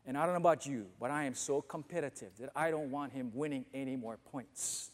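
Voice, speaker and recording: A man's voice: medium pitch, brisk. A man preaching a sermon as pastor, speaking conversationally and asking the congregation questions, in a church auditorium. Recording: long reverb of a church hall.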